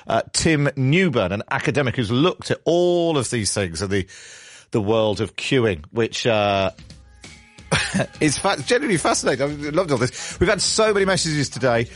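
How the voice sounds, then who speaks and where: Chatty radio host. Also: male voice, medium pitch, animated, normal speed, no echo, soft background music. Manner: chatty, laughs easily. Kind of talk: casual radio chat.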